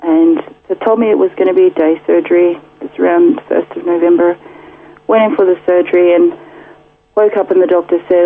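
Woman, husky voice, tinny phone line, chatty testimony, lots of fillers. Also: fairly low pitch, steady tone, a little fast. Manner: chatty, laughs often, many fillers. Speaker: guest. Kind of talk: casual testimony.

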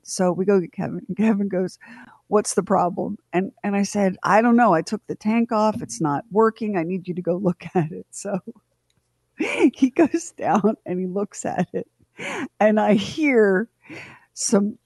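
A woman's voice: medium pitch, a little slow, husky, no echo, studio quality. A middle-aged woman co-hosting a radio show, telling a comic family story and acting out everyone's lines. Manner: animated, acts out family members' lines. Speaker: radio co-host.

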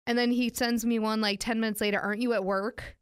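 A woman's voice: fairly high pitch, little pitch movement, fast, smooth. A young adult woman and radio host, chatting casually and telling a story, giggly as she reads out messages. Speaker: radio personality and podcast co-host. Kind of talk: casual chat.

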